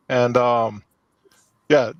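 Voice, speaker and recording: A man chatting casually on a drawing stream, animated and quick to laugh. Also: medium pitch, smooth, no room sound. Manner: laughs often, animated storytelling. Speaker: co-host of an art stream. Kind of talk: casual chat. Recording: dull dry sound.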